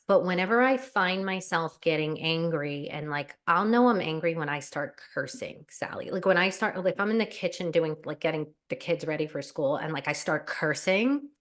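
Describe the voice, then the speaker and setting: Guest: woman coach, low voice, earnest and animated, loose chatty delivery. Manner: earnest, animated, many fillers. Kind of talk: casual interview chat.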